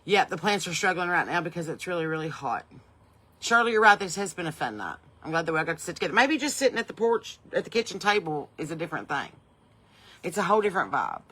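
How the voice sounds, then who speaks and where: A woman's voice: on the low side, big pitch swings, fast talker, fairly bright tone, slightly rough, low-quality recording. A Southern woman hosting a casual livestream from her porch, chatting folksily and greeting viewers by name. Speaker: podcast host and country singer. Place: home porch.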